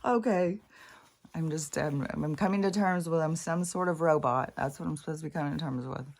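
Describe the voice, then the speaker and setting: A woman's voice: deep voice, brisk, a little mellow. A middle-aged woman talking in a rambling, casual monologue, swearing freely, laughing often and trailing off mid-thought. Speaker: spiritual vlogger.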